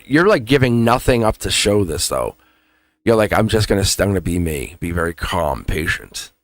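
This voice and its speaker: A man's voice: mid-range voice, no room sound. A man with a Boston accent giving a casual, rambling livestream tarot reading, restarting phrases and chuckling. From England.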